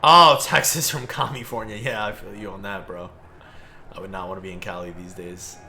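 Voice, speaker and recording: A man's voice: fairly low pitch, fairly even intonation, normal speed, sharp tone, a little hiss or hum. A young man casually chatting with viewers while he plays, rambling and laid-back, full of "like" and "bro". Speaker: gaming streamer.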